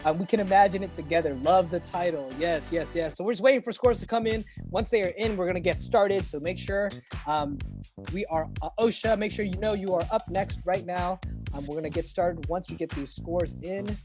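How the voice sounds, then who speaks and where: A woman's voice: lowish voice, fairly quick. Upbeat woman hosting with music behind. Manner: upbeat, repeats herself often. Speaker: slam host. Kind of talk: casual livestream hosting.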